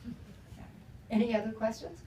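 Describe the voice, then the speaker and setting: A woman's voice: a little high, flat delivery, a little slow, mellow, echoey room, slight background noise. Older female author, casual storyteller, laughs a lot; distant mic, faint room ambience. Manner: chatty, laughs often. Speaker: author at a book talk. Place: bookstore event room.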